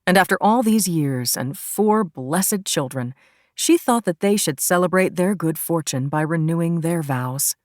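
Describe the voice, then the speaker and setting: A woman narrator with a notably low voice, reading an audiobook in a calm, even way. Her voice is recorded close to the mic and sounds dry, with no room echo. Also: a little slow. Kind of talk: scripted narration.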